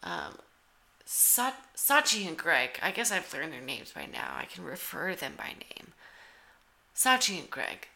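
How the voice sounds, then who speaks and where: A woman's voice: sits low, huge pitch swings, unhurried, gravelly, bright, forceful tone. A woman giving sarcastic, teasing play-by-play commentary over a cooking show. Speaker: comedic commentator.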